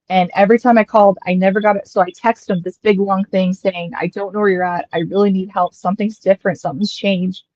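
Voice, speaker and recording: A woman's voice: medium pitch, highs cut off. Chatty young woman telling a long story. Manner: chatty, rambling, quotes others in lively asides. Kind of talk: casual storytelling chat.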